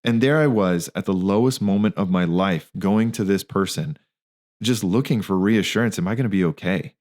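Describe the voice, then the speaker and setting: A man in his thirties with a fairly low voice speaks as a podcast host. He talks candidly and emphatically, full of slang and asides. He tells personal stories casually. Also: a little mellow. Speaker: podcast host, physician and practice owner. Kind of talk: casual spoken monologue.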